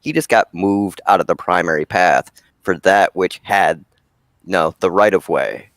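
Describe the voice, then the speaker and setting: A man's voice: sits low, measured pace, a bit bright, dry recording. A man co-hosting a casual live-stream discussion, giving blunt opinions and laughing easily. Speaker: co-host.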